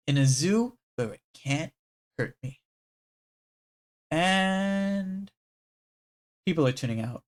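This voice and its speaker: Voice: slow pace, pauses often. Live streamer reading game dialogue aloud. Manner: animated, swings between loud bursts and low murmured reading.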